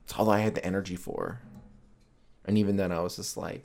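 A man with a deep, low voice talks to his listeners alone on a podcast. He rambles from topic to topic in a loose, profane, joking way. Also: fairly even intonation, brisk, vocal fry, long pauses, a little mellow. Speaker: podcast host. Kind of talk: casual solo podcast chat.

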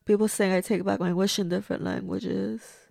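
A woman hosts a casual movie watch-along, gasping, exclaiming and talking back at the screen. Her voice has a gravelly, fry-tinged edge. The recording is dry and close, with no room sound. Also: medium pitch, flat delivery, moderate pace, darkish tone, dry recording. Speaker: movie reviewer.

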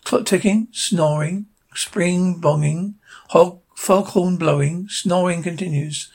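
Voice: medium pitch, steady tone, slow pace, gravelly, husky. An amateur reader narrating a cartoon episode aloud, reading out the sound cues plainly. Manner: reads stage directions plainly.

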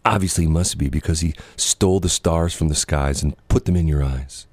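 Deep rambling middle-aged man. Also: a little fast, darkish tone, dry recording. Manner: rambling, repeats himself, joking. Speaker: radio co-host. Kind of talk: casual banter on air.

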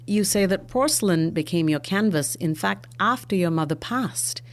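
Lower-voiced woman hosting an interview. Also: animated, normal speed. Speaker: podcast host.

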